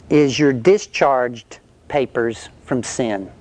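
A man's voice: medium pitch, measured pace, a little mellow. A male preacher telling an illustration story in a conversational sermon, then leading a prayer.

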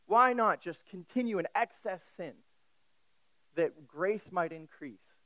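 A man preaching an expository sermon, emphatic and deliberate, with casual asides and quick self-corrections. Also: sits high, animated, sharp tone, no room sound, poor audio. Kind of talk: sermon, expository Bible teaching.

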